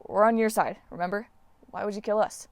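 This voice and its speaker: A woman's voice: mid-range voice, steady tone, no echo, natural voice. A woman reading aloud and voicing a joking, nervous teenage boy demigod with a casual way of talking. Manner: casual, joking, quick to deflect. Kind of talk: audiobook character voice.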